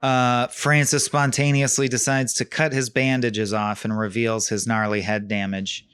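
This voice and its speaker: Man, podcast co-host, smooth resonant voice, dry close sound, animated recap. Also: medium pitch, unhurried, dry recording. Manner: animated, recaps scenes and quotes lines. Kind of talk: casual film discussion.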